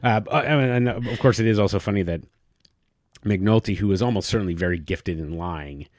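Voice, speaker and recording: A man with a very low voice chats loosely about a TV episode as a podcast co-host. He circles back and restarts his thoughts often, and the recording is dry and close. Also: a little fast, darkish tone, dry recording. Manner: rambling, many restarts and fillers. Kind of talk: casual chat recapping a TV episode.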